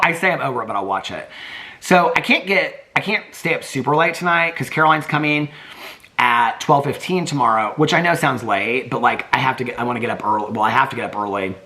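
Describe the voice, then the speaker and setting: A man's voice: mid-range voice, pushed and bright. A man vlogging at home in a casual, rambling chat. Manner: chatty, rambling, baby-talks to his dogs.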